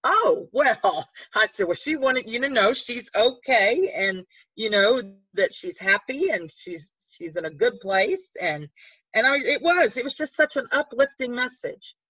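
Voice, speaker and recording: A woman's voice: a little high, animated, a little slow, pushed and bright, breathy edge, no echo, highs cut off. An older woman telling stories in a chatty, rambling way with many restarts, her voice lifting when she quotes others. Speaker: guest. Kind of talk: casual storytelling.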